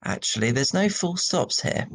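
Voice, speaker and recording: A man's voice: fairly high pitch, big pitch swings, normal speed, vocal fry, a bit bright, slightly rough. Man teaching a poetry lesson. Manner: conversational, many ums and restarts. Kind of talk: recorded classroom lesson.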